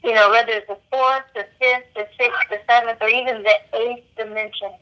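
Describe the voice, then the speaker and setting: A woman's voice: a little high, steady tone, fairly quick, dull audio. A woman co-hosting a spiritual talk show, speaking earnestly and reassuringly and repeating key phrases. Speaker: co-host.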